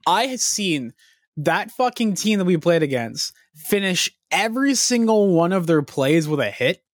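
A man's voice: high voice, measured pace, no room sound. Young guy ranting about a hockey game, swears a lot, dry close sound. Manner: animated, profane, rambling storytelling. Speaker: podcast co-host. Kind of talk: casual podcast storytelling.

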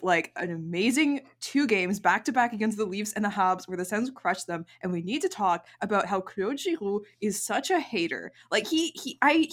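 A young woman from Canada co-hosting a casual podcast. She banters quickly and eagerly, with fillers and restarts. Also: mid-range voice, fairly bright tone. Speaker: podcast co-host. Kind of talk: casual chat.

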